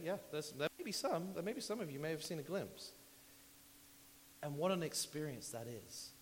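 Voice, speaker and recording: Male pastor, mid-pitched, chatty and animated sermon delivery; long reverb, light hiss. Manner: conversational, animated, with asides and repetitions. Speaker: preacher. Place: church sanctuary.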